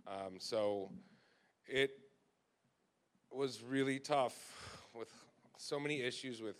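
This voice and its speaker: A man's voice: mid-range voice, slow, pauses often. A man leading a church gathering, speaking earnestly and emotionally in a conversational, self-deprecating way. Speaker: church leader. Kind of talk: informal church talk.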